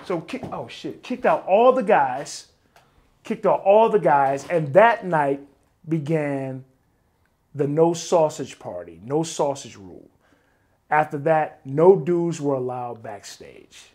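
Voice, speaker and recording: Man, interview guest, lively storyteller, swears a lot, keeps saying man, acts out quotes, fairly high voice. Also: slow. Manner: acts out other people's lines in his stories. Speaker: interview guest, former bodyguard. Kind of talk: casual storytelling.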